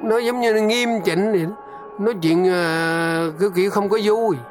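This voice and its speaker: An older man from Vietnam recounts a strange family story at a brisk clip. He talks in bursts, doubling his words for emphasis. Music plays clearly behind him. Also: high-pitched. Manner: animated, repeating words as he tells it. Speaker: storyteller father.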